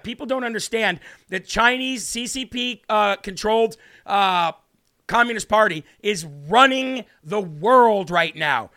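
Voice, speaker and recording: A man hosting a political talk show, questioning his guest in an emphatic, forceful way. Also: high voice, normal speed. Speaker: host.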